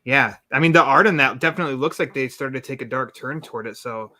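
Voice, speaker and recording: A man's voice: medium pitch, quick pace, pushed and bright. A man hosting a casual comics chat, enthusiastic and full of comic-history detail. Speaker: podcast host.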